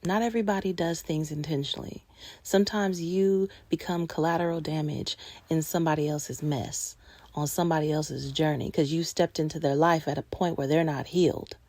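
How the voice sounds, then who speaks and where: Gravelly low-voiced woman, earnest. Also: steady tone, no echo. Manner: earnest, passionate, slows to a hush at times. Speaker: host of a personal growth talk. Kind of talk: reflective monologue on healing.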